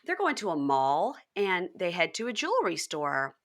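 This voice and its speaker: A woman's voice: on the low side, moderate pace. A woman hosting a podcast, chatting casually and acting out scenes from a reality show in raised voices over a video call. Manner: animated, acts out quotes in raised voices. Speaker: podcast host.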